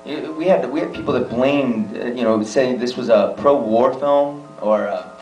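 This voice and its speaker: A man's voice: mid-range voice, moderate pace, darkish tone, muffled recording. A middle-aged male actor chats about his work in a joking, self-deprecating way. He sits in an echoey festival room, picked up from some distance. Faint music hums in the background. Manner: jokey, laughing, self-deprecating. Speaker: actor, interview guest. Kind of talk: casual anecdotal chat.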